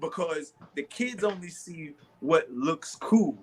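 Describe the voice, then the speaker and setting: A man's voice: a little high, animated, takes it slowly. A man, co-hosting a sports talk show and telling long stories with many restarts, acting out both sides of an argument. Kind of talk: animated storytelling in casual chat.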